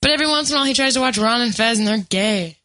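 A woman's voice: a little high, very fast, sharp tone. A young woman co-hosting a radio talk show, blunt and combative in casual banter, swearing freely. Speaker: co-host.

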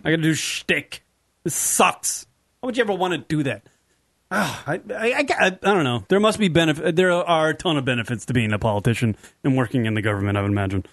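A man's voice: on the high side, animated, quick pace. A man hosting a casual radio show, joking around and talking loosely with his co-hosts. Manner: jokey, puts on silly voices. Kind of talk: casual talk radio banter.

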